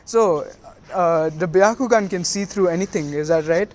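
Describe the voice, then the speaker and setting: A smug teenage boy ninja who mocks his rival in a light, high, offhand voice, as a man narrating puts him on. The taunts come out casual, barely acted, in the storyteller's own tone. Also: normal speed, a little mellow, lightly acted. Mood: teasing. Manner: teasing, offhand.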